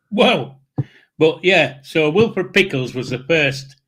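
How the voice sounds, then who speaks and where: Blunt older Yorkshire man, slightly high voice. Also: animated, slow, a bit bright, husky. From Yorkshire, England. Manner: blunt, unfiltered. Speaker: co-host. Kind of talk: casual chat.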